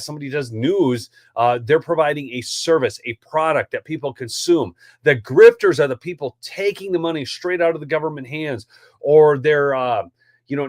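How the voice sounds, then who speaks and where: A man's voice: a little high, dry recording, studio quality. A man hosting a live political commentary show, heated and ranty, often calling his audience "folks". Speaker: host.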